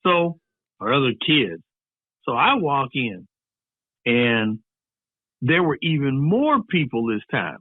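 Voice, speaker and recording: A man's voice: medium pitch, takes it slowly, long pauses, dry recording. A man telling a story as an interview guest, playfully acting out the voices of the people in it. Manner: lively, acts out every voice in his stories. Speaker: entertainer and guest. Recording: tinny phone-like, dry line.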